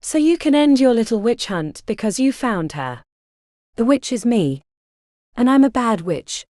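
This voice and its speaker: A woman's voice: a little high, expressive, measured pace, darkish tone, no room sound, clean studio sound. A woman voicing a defiant young bog witch healer who talks bluntly with folksy turns of phrase.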